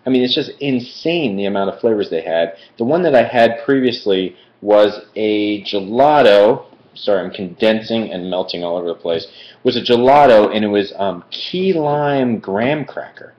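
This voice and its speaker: A man's voice: on the low side, moderate pace, a little mellow. A man from Philadelphia doing a casual live-stream food review, chatty and rambling, with many fillers and digressions. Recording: echoey room, dull lo-fi stream audio.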